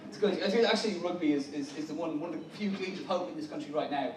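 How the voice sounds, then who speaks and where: Wry Irish comic in an echoey hall. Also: male voice, a little high, a little mellow. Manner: wry, self-interrupting, quick asides. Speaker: stand-up comedian. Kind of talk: stand-up comedy set. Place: conference hall with a live audience. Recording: echoey hall, mic at a distance.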